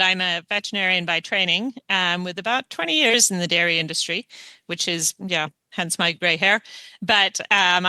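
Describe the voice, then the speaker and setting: A woman's voice: fairly low pitch, pushed and bright, clean tone, dry recording. A woman in her forties with a South African accent, a veterinarian introducing herself on a panel in a chatty way, with many ums. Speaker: veterinarian, guest.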